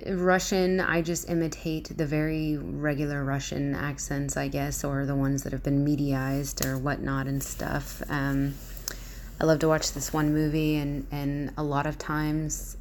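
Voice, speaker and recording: A woman's voice: sits low, a little hiss or hum. A woman talking in a casual, rambling monologue, hesitant with many fillers and sometimes dropping into a whisper. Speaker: vlogger.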